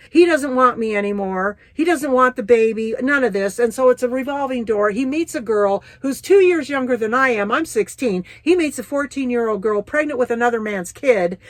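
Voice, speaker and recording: A woman's voice: on the high side, no room sound. A middle-aged woman from the United States telling her personal testimony in a vivid, folksy, blunt way. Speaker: Christian testimony speaker.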